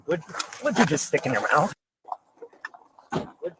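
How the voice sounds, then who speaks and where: A man working as a sheriff's deputy, questioning someone with quick, probing questions outdoors. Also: fairly high pitch, big pitch swings. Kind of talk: police questioning. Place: outdoors at a school parking lot. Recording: noisy distant body-camera audio.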